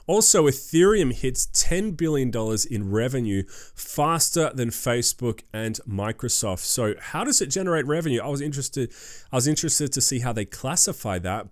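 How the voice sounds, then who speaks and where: A man's voice: medium pitch, dry recording, studio quality. Emphatic man hosting crypto news. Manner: emphatic, hype-driven, lots of fillers and "guys". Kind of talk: fast-paced crypto news commentary.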